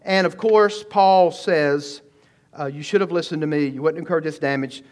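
Preaching an expository sermon, a male pastor with a fairly high voice speaks emphatically. His pacing swings from slow, heavy phrasing to faster passages, and he often asks the congregation rhetorical questions.

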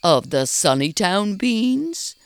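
A woman voicing a kindly, formal stuffed-bear mayor in a measured, courteous manner. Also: medium pitch, sing-song, clean tone, no echo.

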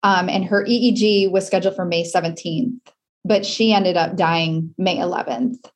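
Earnest low-voiced woman telling her story. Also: steady tone, moderate pace. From Wisconsin. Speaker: guest. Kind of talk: personal interview.

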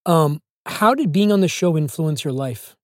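A man's voice: fairly high pitch, animated, normal speed, dry recording, clean studio sound. A man interviewing a guest, asking probing questions with detailed fan knowledge.

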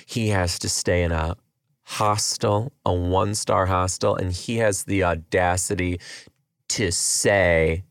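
A man co-hosting a podcast, chatting casually and retelling a story with animated acted-out quotes. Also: low voice, takes it slowly, vocal fry, no room sound, studio quality. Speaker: podcast co-host.

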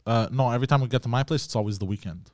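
A man's voice: medium pitch, very fast, darkish tone, dry recording, studio quality. Rambling guy telling a dating story. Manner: rambling, hesitant, lots of fillers. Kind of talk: casual chat.

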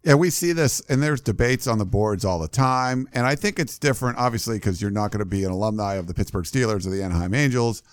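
Rambling low-voiced male sports podcaster. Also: fast, few pauses, no echo. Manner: rambling, loose, many fillers and restarts. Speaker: podcast host running a fan message board. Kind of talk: casual sports podcast chat.

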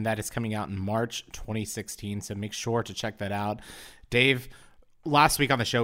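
Man, podcast host, lowish pitch, conversational, filler-heavy questions. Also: fairly bright tone. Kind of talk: casual podcast interviewing.

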